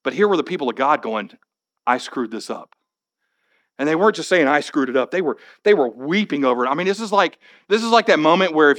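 A pastor delivers a sermon in a plain-spoken, conversational manner, his voice a little high. He builds toward animated passages that rise in intensity.

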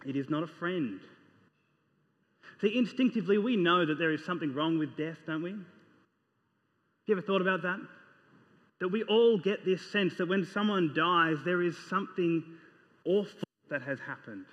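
Earnest preacher in a reverberant hall. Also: male voice, high-pitched, moderate pace, long pauses, a bit bright. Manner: earnest, reads scripture aloud and asks the listeners questions. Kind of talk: sermon. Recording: dull sound with long reverb in a hall.

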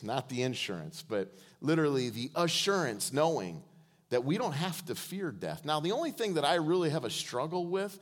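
A man preaching a sermon as guest preacher in a church, joking and calling on the congregation to answer him. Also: medium pitch. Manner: joking, calls on the congregation to respond.

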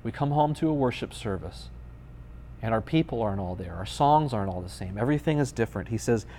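A man's voice: fairly low pitch, animated, quick pace, mellow, slight background noise. A man in his thirties, a pastor giving a conversational sermon with playful, dry humor.

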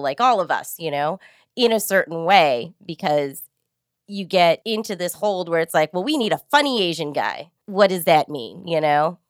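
Woman guest, casting director, relaxed and candid, slightly low voice, dry mic. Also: clean tone, no room sound. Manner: relaxed, laughs easily, candid. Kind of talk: casual interview chat.

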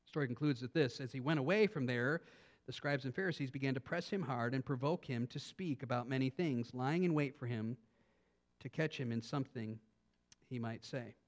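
A man's voice: mid-range voice, brisk. A man preaching a sermon as a pastor, speaking emphatically with frequent restarts and reading scripture dramatically aloud.

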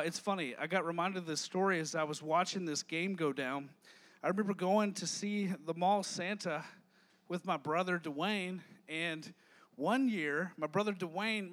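A man preaching to a youth group, shifting from a soft, low prayer into loose, humorous storytelling. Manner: prays softly, then tells stories with humor. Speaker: youth pastor.

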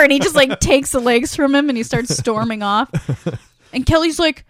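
A woman's voice: high-pitched, normal speed, fairly bright tone, no echo. A woman chatting casually on a podcast, recapping a show with laughter, swearing and acted-out quotes. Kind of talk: casual chat.

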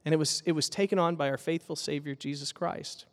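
A pastor preaching a sermon in an earnest, emphatic way, building with repeated phrases. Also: male voice, a little high, fairly even intonation, fairly quick, big-room sound.

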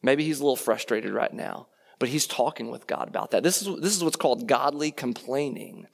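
A man's voice: mid-range voice, fairly quick, gravelly. Man preaching with constant rhetorical asides. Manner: conversational, rhetorical questions, frequent "right?" tags. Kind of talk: sermon.

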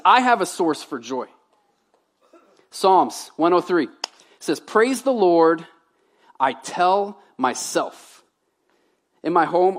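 Conversational male pastor preaching a sermon. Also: a little high. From Louisiana. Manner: conversational, swings from loud emphasis to quiet asides.

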